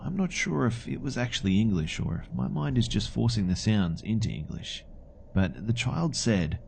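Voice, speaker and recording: A man narrates a first-person horror tale in a calm, measured, matter-of-fact way. His voice sits low with a dark, mellow tone, keeping the telling steady and plain. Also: creaky, a little hiss or hum. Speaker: storyteller.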